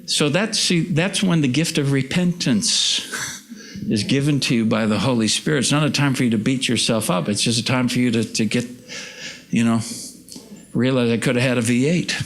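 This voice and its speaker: A man's voice: mid-range voice, normal speed. A man preaching a sermon as pastor, conversational and self-deprecating, asking the congregation questions. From United States. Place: church.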